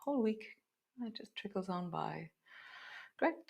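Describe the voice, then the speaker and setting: A woman teaching a live yoga class, giving gentle instructions mixed with chatty, laughing, self-deprecating asides. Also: medium pitch, animated, measured pace, vocal fry, breathy edge.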